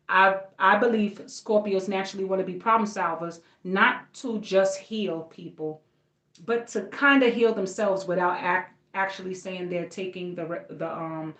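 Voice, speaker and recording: Woman, astrology reader, casual and slangy, rambling, lowish voice, echoey room. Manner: loose, slangy, rambling, addresses viewers as y'all. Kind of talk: casual astrology reading to viewers. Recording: roomy echo.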